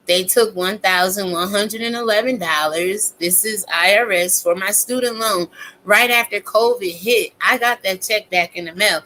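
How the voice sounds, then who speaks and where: A woman, in her thirties, delivering a blunt, profane, animated live-stream rant as a commentary host. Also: mid-range voice, rough recording.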